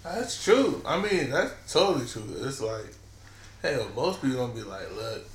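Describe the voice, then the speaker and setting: A man's voice: medium pitch, big pitch swings, normal speed. A young man co-hosting a casual podcast chat, rambling with lots of fillers and joking around. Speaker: podcast co-host. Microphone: studio mic at a table. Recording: roomy echo with faint room noise.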